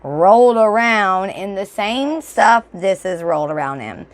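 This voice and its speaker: A woman's voice: medium pitch, expressive, a little slow. A young adult woman vlogging in casual chat, rambling with fillers while showing products, her voice a little off and throaty. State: voice slightly off, throat clearing.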